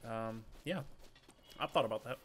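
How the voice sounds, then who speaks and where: A young man casually commenting while he plays a video game, chatting to viewers and reacting aloud with easy excitement. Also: fairly low pitch, moderate pace, faint music behind. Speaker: streamer. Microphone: headphones and desk mic.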